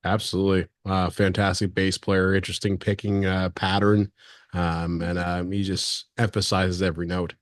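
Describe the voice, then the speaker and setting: Lower-voiced podcast host man. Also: level tone, normal speed, no echo, clean studio sound. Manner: asks questions with hesitant fillers. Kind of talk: casual podcast interview.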